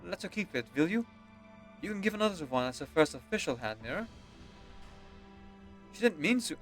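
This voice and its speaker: Man playing a gentle young noble brother, soft pleading delivery. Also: on the high side, sing-song, normal speed, faint music behind, voice pushed up.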